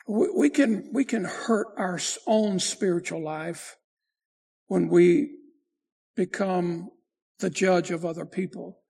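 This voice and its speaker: Raspy high-voiced preaching pastor. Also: male voice, darkish tone. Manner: preaching with emphatic rises and slow drawn-out phrases. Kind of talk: sermon.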